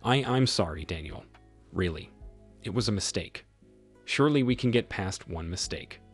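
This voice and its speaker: A man's voice: on the low side, animated, normal speed, slightly rough, faint music behind. A man reading the lines of a tearful, pleading young woman in an audio story, apologizing to her fiancé.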